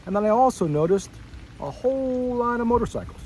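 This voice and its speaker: A man's voice: very high-pitched, brisk, a little hiss or hum, poor audio. A middle-aged man speaking to old schoolmates at a reunion, telling a story from his school days in a rambling way and acting out his younger self's reactions. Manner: storytelling, acts out his own past reactions with rising excitement; wandering, self-correcting asides. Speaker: former student addressing a school reunion. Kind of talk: personal reminiscence to old classmates.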